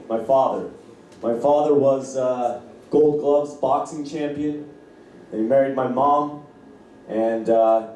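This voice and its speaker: A man's voice: medium pitch, dark tone, slight background noise. Loose-talking man doing stand-up. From Canada. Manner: loose, crowd-work banter, acts out voices. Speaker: stand-up comedian. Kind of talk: stand-up comedy set. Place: comedy club. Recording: echoey club heard from a distance.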